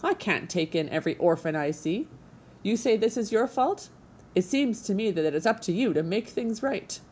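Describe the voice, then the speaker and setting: A woman voicing a bossy old female goose who scolds briskly and sharply in a storybook reading. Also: mid-range voice, animated, a little mellow, husky, voice pushed up. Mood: scolding.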